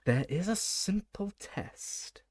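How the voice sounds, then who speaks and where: A man voicing a calm, courteous old male wizard headmaster who speaks in a measured, formal way. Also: sits high, no room sound, studio quality, pitched above the performer's own voice, heavily acted.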